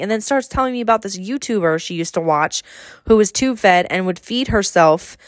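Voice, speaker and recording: A woman's voice: mid-range voice, a little fast, no room sound, clean studio sound. A woman co-hosting a casual podcast chat, telling stories with exasperated asides. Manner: chatty storytelling, exasperated asides. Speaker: podcast co-host.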